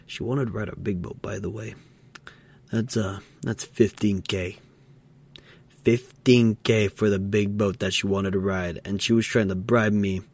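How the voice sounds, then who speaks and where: A tired man co-hosting a podcast, telling a story in a halting, casual way with lots of fillers and restarts. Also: lowish voice, darkish tone. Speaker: podcast co-host. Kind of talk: casual role-play storytelling.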